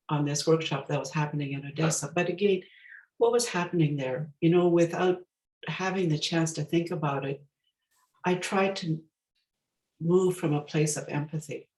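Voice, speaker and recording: A woman's voice: low voice, darkish tone, reverberant, poor audio. A woman giving a storytelling talk as a guest speaker, reflective and searching for her words as she goes.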